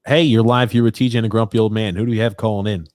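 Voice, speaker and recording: A man's voice: on the low side, fairly even intonation, rapid-fire, a little mellow, no echo, studio quality. A man hosting a sports podcast, laid-back and rambling, with many fillers, taking calls and reading comments. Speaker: podcast host. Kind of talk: casual sports chat.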